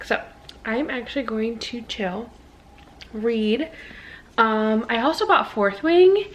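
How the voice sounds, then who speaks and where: A woman's voice: fairly high pitch, a little hiss or hum. Tired, chatty young-sounding woman vlogging. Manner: chatty and gushing, with fillers and quick whispered asides. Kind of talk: casual vlog chat to camera.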